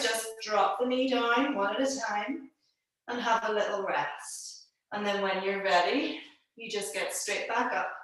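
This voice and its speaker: A woman teaching a live online pilates class from home over a video call, calmly giving cues and counting down holds, a little out of breath. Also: a little high. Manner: calm instructing, counting holds aloud. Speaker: pilates instructor. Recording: echoey room, distant mic.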